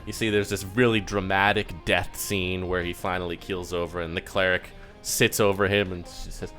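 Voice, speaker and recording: A man's voice: low-pitched, little pitch movement, moderate pace, pushed and bright, soft background music. A man narrating a tabletop game as game master, telling it casually with frequent "like"s and laughs. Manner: casual, laughing storyteller with many "like"s.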